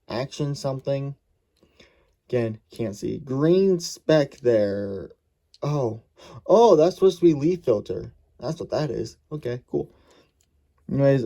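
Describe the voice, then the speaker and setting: A man's voice: mid-range voice, gravelly, dark tone. A man casually reviewing a model race car, thinking aloud and correcting himself as he goes.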